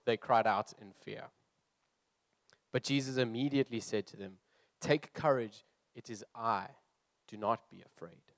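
A man's voice: medium pitch, normal speed, no room sound. A young man who is a youth leader, preaching earnestly and reading scripture aloud before explaining his points. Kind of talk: sermon.

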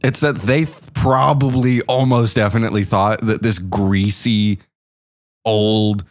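A man's voice: lowish voice, steady tone, measured pace, no room sound, clean studio sound. A man co-hosting a podcast, telling self-deprecating stories in casual, rambling chat. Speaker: podcast co-host.

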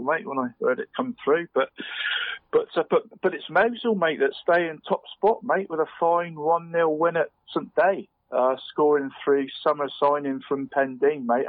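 A man on the radio giving a casual run-through of local football results, halting and restarting, saying "mate" at nearly every turn. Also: mid-range voice, no room sound. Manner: chatty, says "mate" constantly, halting restarts. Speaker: radio sports presenter. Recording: phone-line quality radio audio.

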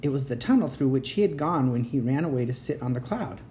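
A storyteller reading a children's chapter book aloud in a gentle, even narration. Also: mid-range voice, quick pace, a little hiss or hum.

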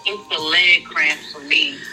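Very bright young woman asking questions. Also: low-pitched, slow, faint music behind, rough recording. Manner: relaxed, conversational, asks probing questions. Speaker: podcast host. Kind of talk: casual chat.

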